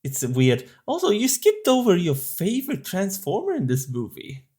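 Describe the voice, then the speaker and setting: A man's voice: high-pitched, huge pitch swings, moderate pace, warm tone. A man co-hosting a casual movie podcast, chiming in with short sweary reactions. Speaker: podcast co-host. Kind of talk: casual movie-review chat.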